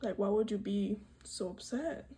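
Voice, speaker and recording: A young woman in her twenties, an art student, chatting casually in soft ASMR style while painting, rambling to herself with lots of fillers. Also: medium pitch, normal speed, husky. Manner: rambling soft-spoken self-talk with frequent fillers.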